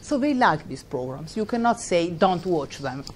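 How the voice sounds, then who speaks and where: A middle-aged Italian woman with an Italian accent gives a university guest lecture in English, her fairly low, darkish voice very animated. She halts often to search for words and laughs while telling a story. There's a little hiss or hum.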